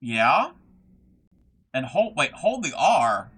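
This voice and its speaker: A man's voice: a little high, big pitch swings, unhurried, a bit bright, slightly rough. A young man hosting a casual craft livestream, reading chat messages aloud and rambling with lots of fillers and restarts.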